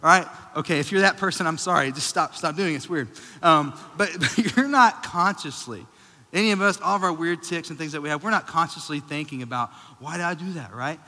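High, bright-voiced pastor. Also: male voice, brisk. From Texas. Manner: self-deprecating, joking, conversational. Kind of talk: casual humorous sermon. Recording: long reverb of a large hall.

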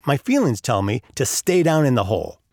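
A man voicing a stubborn, fearful man stuck in a hole, pitching his voice up and whining. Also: sing-song, brisk, darkish tone, no echo, clean studio sound. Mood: excuse-making. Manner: whiny, raises his pitch for the character.

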